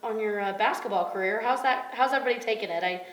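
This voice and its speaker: A woman's voice: mid-range voice, fast. A woman playing a reporter in a parody interview, gushing and chatty. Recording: echoey room.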